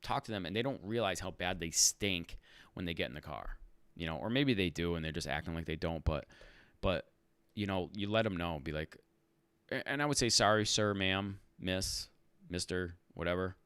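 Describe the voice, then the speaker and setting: A man hosting a casual livestream Q&A for rideshare drivers, animated and talking in fits and restarts. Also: low voice, fairly quick, smooth, no echo. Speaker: rideshare channel host answering live chat.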